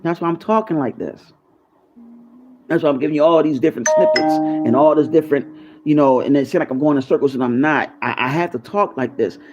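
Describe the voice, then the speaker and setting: A man's voice: a little high, brisk, music in the background. Man, casual rambling monologue, conspiratorial, curses freely, dull lo-fi recording. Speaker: YouTube channel host. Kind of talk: casual freestyle monologue to viewers.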